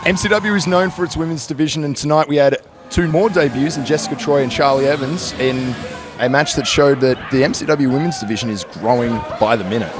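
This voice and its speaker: Brief: male show host, announcer recap, mid-pitch, music bed. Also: brisk. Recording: music underneath.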